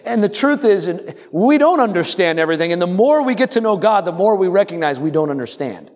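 A man with a high voice preaches an animated sermon, calling on his congregation to join in. His words carry a long reverb from the hall around him. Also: fast talker, hardly any pauses. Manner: animated, calls on the congregation to respond. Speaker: pastor.

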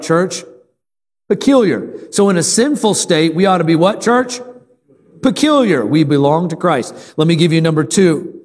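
A man with a high-pitched voice preaches to his congregation, asking them questions and pausing for their replies. He repeats key lines for emphasis, and his voice rings out with a long hall reverb. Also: darkish tone. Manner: call-and-response with the congregation. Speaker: pastor. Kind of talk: sermon.

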